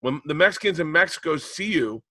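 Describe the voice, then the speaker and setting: A man's voice: fairly high pitch, expressive, brisk, pushed and bright, no room sound. A man co-hosting a podcast in casual chat, rambling and restarting his sentences over an unstable internet call. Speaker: podcast co-host.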